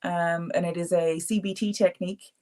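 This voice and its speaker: A woman's voice: fairly low pitch, fairly even intonation, normal speed, darkish tone. Chatty, giggly woman hosting a live stream. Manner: chatty, giggly, answers viewer comments aloud. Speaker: art therapy session host. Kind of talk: casual live-stream chat.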